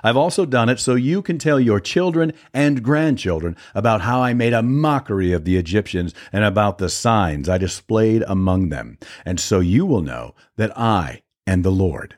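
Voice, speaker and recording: A man reading aloud the words of God, in a solemn, measured tone. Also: fairly low pitch, lively intonation, darkish tone, lightly acted. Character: God speaking as a commanding male deity.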